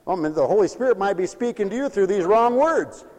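A man preaching a fervent sermon in a high voice, dropping to quiet asides and then rising to long, shouted proclamations. His voice rings out with a long reverb in a large church sanctuary. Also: expressive, fairly quick.

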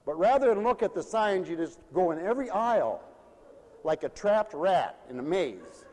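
A man's voice: sits high, very animated, normal speed, a little mellow, in a large hall. A man preaching a folksy sermon, playful and sing-song, acting out little everyday scenes.

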